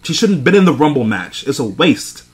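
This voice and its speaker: A man's voice: medium pitch, sing-song, a little fast. A young man recapping a wrestling event in a casual, profane rant, exasperated and laughing between points. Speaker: wrestling show reviewer.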